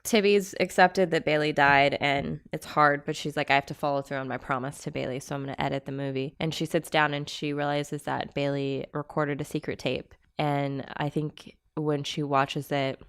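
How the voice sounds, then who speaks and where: Low, smooth-voiced woman podcast co-host. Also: level tone, normal speed, hardly any pauses. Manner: earnest, retells scenes at length, laughs often; casual swearing. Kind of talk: casual chat about a movie.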